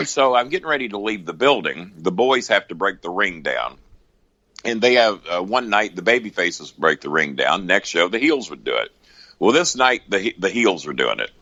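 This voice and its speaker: A man's voice: low voice, normal speed, dry recording, muffled recording. A man telling wrestling-road stories as a podcast guest, swearing freely and acting out both sides of each exchange. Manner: profane, animated raconteur. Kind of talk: casual storytelling.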